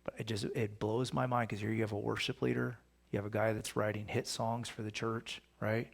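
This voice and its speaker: A man's voice: fairly low pitch, level tone, brisk, creaky. A man, a pastor, teaching a Bible study in a casual, conversational way, often asking his listeners rhetorical questions.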